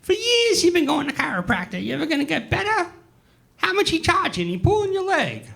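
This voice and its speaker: A blunt ninety-year-old mother who nags and pries, as a man puts her on in a shrill voice pitched far above his own. Her questions come in quick, nosy bursts during a stand-up routine. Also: wildly swooping pitch, vocal fry, a bit bright, full character voice. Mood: nagging. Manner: shrill, prying, rapid-fire questions.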